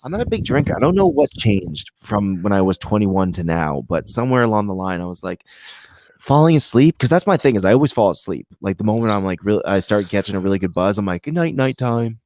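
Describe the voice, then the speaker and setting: A man's voice: sits low, lively intonation, fast talker, few pauses, darkish tone, no room sound. A man from Vermont co-hosting a podcast, chatting casually in a rambling, joking way with a lot of swearing. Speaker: podcast co-host. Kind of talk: casual chat.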